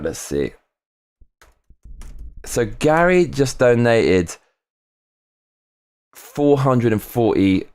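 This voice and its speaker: His voice sits low as he chats casually on a live stream and reads viewer comments. Excitable and frequently swearing, he tends to repeat himself.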